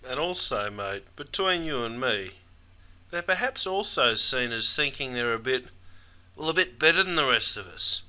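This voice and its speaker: Brief: bright-voiced Australian man, folksy scripted lesson narrator. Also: mid-range voice, expressive, moderate pace. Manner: folksy, wry, drops "mate" constantly. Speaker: English teacher.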